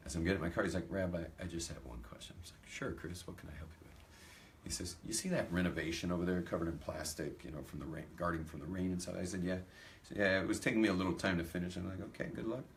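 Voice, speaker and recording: Speaking quickly in a low male voice, with slight background noise, an American rabbi tells amusing anecdotes to a live audience. He is an animated storyteller who plays out the conversations in his tales.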